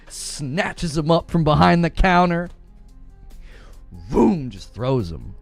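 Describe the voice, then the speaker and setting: A man hosts a casual gaming live stream, reading out chat and riffing with frequent laughter. His voice is fairly high and very lively in pitch, and he talks at an unhurried pace. The sound is dry and close, with faint music behind. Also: creaky, no echo. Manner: laughs often, riffs on jokes.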